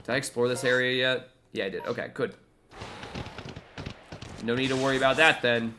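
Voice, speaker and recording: A man with a bright, forceful voice talks through a live game stream, chatty and reactive. Faint music plays underneath him. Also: mid-range voice, steady tone, fairly quick. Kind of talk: casual gameplay commentary.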